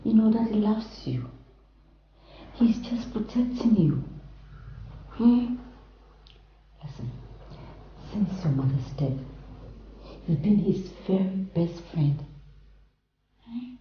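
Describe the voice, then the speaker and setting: A motherly aunt with a Ghanaian English accent, gently coaxing and reassuring. Her mid-pitched voice sits in an echoey room. The sound is slightly muffled. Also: very animated, takes it slowly, pauses often, slight background noise.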